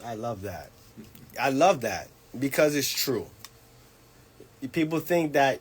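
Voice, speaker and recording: A man's voice: medium pitch, lively intonation, measured pace, long pauses, breathy edge. A man hosting a radio show, chatting casually and agreeing emphatically with his guest. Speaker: radio host.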